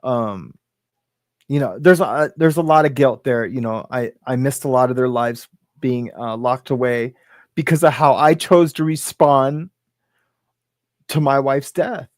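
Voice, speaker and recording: A man's voice: mid-range voice, steady tone, measured pace, no room sound. A middle-aged man telling a personal story as a podcast guest, rambling with lots of "right?" and "like", emotional and close to tears.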